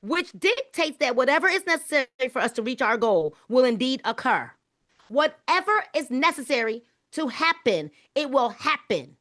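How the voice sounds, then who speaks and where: A woman's voice: high-pitched, sing-song, moderate pace, a bit bright. A woman hosting a live book club, reading aloud and preaching fervently in casual, informal speech, often repeating her phrases.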